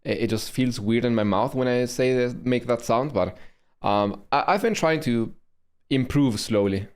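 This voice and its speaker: A man with a German accent talking casually on a stream about his own video, pausing and restarting often. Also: medium pitch, clear, resonant tone. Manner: halting, with frequent pauses and restarts.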